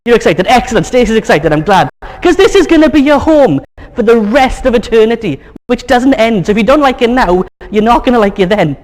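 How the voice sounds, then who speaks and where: A man preaching a casual, joking sermon at his church, chatty and coaxing the congregation to get excited. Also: extremely high pitch, brisk. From Wales. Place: church hall.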